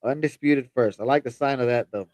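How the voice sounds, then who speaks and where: A man's voice: medium pitch, a little fast, dry recording. A man co-hosting a live fight watch-along stream, chatting casually, swearing and calling people bro. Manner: animated, says bro a lot, swears freely.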